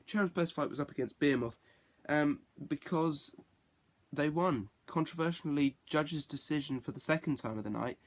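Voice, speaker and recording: A man's voice: fairly high pitch, moderate pace. A man giving a casual spoken review, rambling and correcting himself as he goes. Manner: rambling, self-correcting, chatty. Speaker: TV show reviewer.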